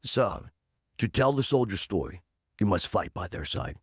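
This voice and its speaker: Deep-voiced tough army sergeant, serious and firm, as a guy quotes him. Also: sing-song, normal speed, breathy edge, dry recording, studio quality. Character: young tough male army staff sergeant.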